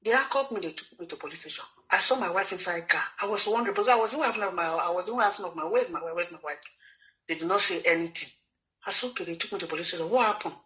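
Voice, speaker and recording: A man's voice: high-pitched, very fast, pushed and bright, rough recording. A man from Nigeria with a Nigerian accent, telling his personal story in a repetitive, pleading way full of quoted speech. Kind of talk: emotional personal testimony.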